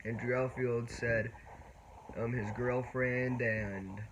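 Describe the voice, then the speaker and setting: A man giving a casual spoiler movie review, rambling and halting with many restarts. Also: mid-range voice, steady tone, lo-fi sound. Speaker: vlogger. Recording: noisy background.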